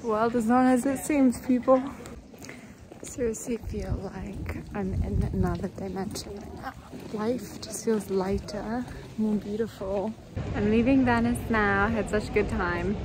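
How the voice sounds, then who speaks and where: Effusive young woman vlogging over loud traffic. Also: medium pitch, steady tone, measured pace. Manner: effusive, spiritual, heavy use of "like". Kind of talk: casual travel vlog to camera. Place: outdoors in a city, then on a train. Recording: loud street and train noise behind. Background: vehicle and street noise.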